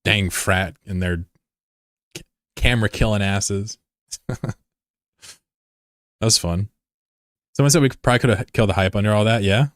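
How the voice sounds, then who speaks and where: Speaking close to a desk mic in a dry recording with no room sound, a low-voiced man runs his game fleet on a live stream. His chat is loose, rambling, casual and offhand, full of jokes and swearing. He talks at a moderate pace with frequent pauses and a fairly bright tone.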